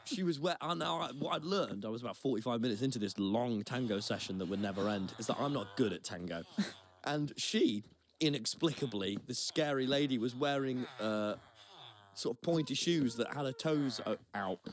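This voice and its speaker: A man's voice: mid-range voice, brisk. A young man co-hosting a chat podcast, telling a rambling, self-deprecating story with lots of restarts. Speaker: podcast co-host. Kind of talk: casual anecdotal storytelling. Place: Brighton.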